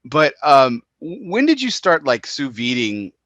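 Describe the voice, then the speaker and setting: A man's voice: on the high side, wildly swooping pitch, measured pace, fairly bright tone, dry recording. A man from Texas hosting a casual interview, rambling with many restarts. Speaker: podcast host.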